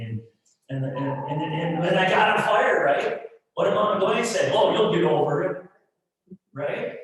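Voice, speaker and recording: A man preaching a sermon as pastor, impassioned, swinging from quiet asides to shouted lines. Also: on the high side. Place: church sanctuary. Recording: echoey hall, distant mic.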